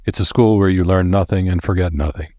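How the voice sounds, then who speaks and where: A grim professor voiced by a male reader speaks with a worried edge in a storybook scene. The voice is low and husky, close and dry. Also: fast, mellow, dry recording.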